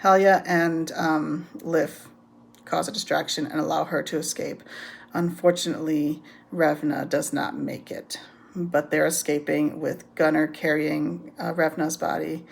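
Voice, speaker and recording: Female book reviewer, casual chatty recap, gravelly voice with vocal fry. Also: low voice. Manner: rambling, many ums, laughs often.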